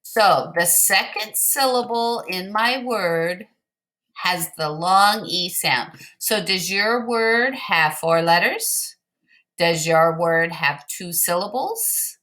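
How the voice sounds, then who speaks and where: A woman teacher leads young pupils through a recorded word game, speaking slowly and patiently. Her voice is bright and clear and sits a little low in pitch. Every instruction is spelled out step by step. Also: expressive.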